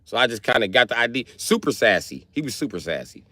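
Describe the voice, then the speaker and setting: A man's voice: medium pitch, sing-song, quick pace, pushed and bright, no room sound. A young man from Wisconsin, a livestreamer telling a rambling, profane comic story with lots of energy.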